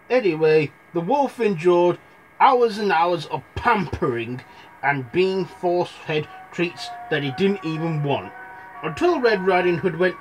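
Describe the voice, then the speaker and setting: A man's voice: sits high, animated, a little slow, soft background music. A young man telling fairy tales in a rambling, irreverent comic retelling, full of asides. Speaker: storyteller.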